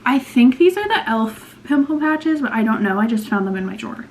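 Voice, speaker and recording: Brief: young woman, slightly high voice, rambling chatty vlog at home, filler-heavy, faint hiss behind. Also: big pitch swings, fairly quick. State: out of breath. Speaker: beauty vlogger. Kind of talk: casual chatty vlog to camera. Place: at home, indoors. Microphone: camera mic, later phone on a tripod.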